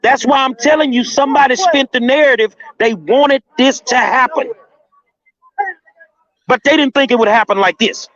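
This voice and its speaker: A man talking casually and emphatically by phone from a street protest, slangy and quick to laugh. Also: extremely high pitch, a bit bright, no room sound. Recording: dull lo-fi phone line, dry.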